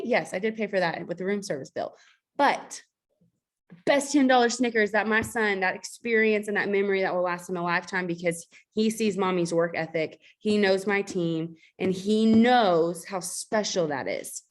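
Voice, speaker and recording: A woman's voice: mid-range voice, normal speed. A woman who leads a network marketing team, giving a casual motivational talk on a video call in a chatty, emphatic way, full of fillers.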